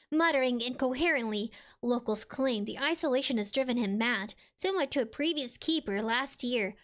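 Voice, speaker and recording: A woman's voice: sits high, a bit bright. A woman streamer chatting casually with viewers, reading out chat and game text in a playful, rambling way. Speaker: VTuber streamer.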